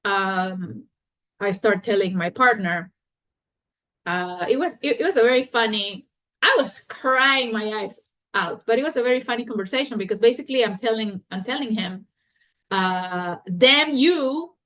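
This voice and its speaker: Candid woman telling a personal story. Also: medium pitch. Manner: candid, halting, expressive retelling. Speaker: podcast host.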